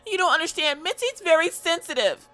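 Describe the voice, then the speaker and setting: A woman voicing a hysterical lady who dotes on her dog, in a shrill, frantic way. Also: expressive, brisk, bright, forceful tone, soft background music, exaggerated voice.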